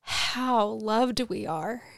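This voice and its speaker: A woman in her thirties with a smooth, resonant voice, heard close and dry. She tells her story earnestly, and she is easily moved as she speaks. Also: on the high side, animated, drawn-out words, no room sound. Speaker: podcast co-host. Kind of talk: faith podcast chat.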